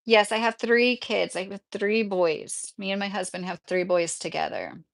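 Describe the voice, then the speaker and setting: A woman's voice: medium pitch, steady tone, normal speed, gravelly. Chatty woman with a slight Midwestern accent. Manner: chatty, rambling, laughs often. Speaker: streamer answering viewer questions. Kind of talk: casual livestream chat.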